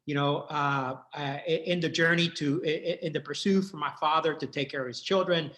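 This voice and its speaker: Brief: middle-aged man from Mexico, fairly high voice, earnest and heartfelt guest. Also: steady tone, fairly quick, a bit bright. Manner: earnest, heartfelt, many repeated starts. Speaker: guest, entrepreneur. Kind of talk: personal life story in interview.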